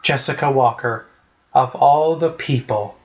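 A man's voice: mid-range voice, unhurried, close to an everyday voice. A haughty, proud queen read by a man speaks in a mocking, lofty way. The recording is a little dull and lo-fi. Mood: fading.

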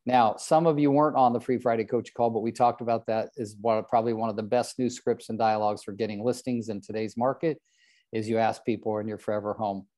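A man's voice: medium pitch, fairly even intonation, fast talker, mellow. An older man coaching real estate agents in a live group session, joking at his own expense and calling on trainees by name. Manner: joking, self-deprecating, calls on trainees by name.

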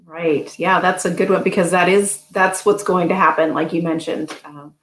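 A woman who educates new parents, answering interview questions in a calm, explanatory way. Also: lowish voice, moderate pace. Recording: echoey room.

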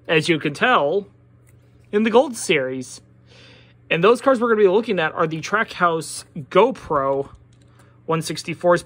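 A woman with a Pittsburgh accent giving a profane, exasperated product review, sliding from low muttering into loud outbursts. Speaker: diecast collector reviewer.

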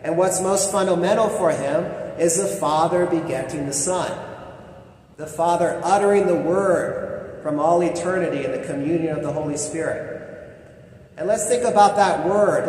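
A man's voice: fairly high pitch, moderate pace, darkish tone. A man preaching a conversational sermon, chatty and full of asides and fillers. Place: church or chapel. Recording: echoey hall with faint noise.

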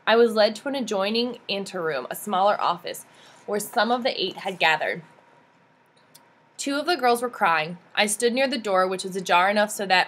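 A woman reading a memoir aloud, telling the story in a steady, earnest way. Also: mid-range voice. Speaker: audiobook reader.

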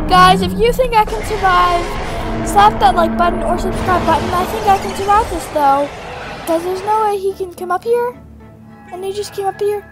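A woman giving casual commentary over a horror game, excitable and easily startled, repeating her exclamations over and over. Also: very high voice, moderate pace, music in the background. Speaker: gameplay commentator.

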